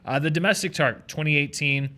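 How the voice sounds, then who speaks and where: A man hosting a casual box office chart rundown, chatty and quick with asides. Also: a little high, pushed and bright, slight background noise. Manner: chatty, runs through figures with quick asides. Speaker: box office show host.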